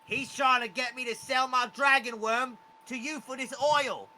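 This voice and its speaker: A man voicing a charmed male goblin guard who is slow-witted, eager and easily confused. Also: very high-pitched, steady tone, bright, forceful tone, a little hiss or hum, voice pushed up, heavily acted.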